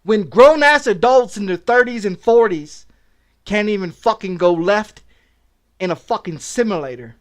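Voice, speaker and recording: A middle-aged game streamer launches into an angry rant, aggressive and profane, repeating himself over and over. His voice sits high and animated at a moderate pace.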